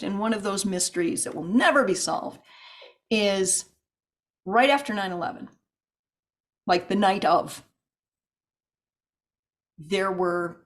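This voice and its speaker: A woman telling stories as a podcast guest, animated and rambling with restarts and asides. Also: mid-range voice. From United States. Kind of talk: podcast interview storytelling.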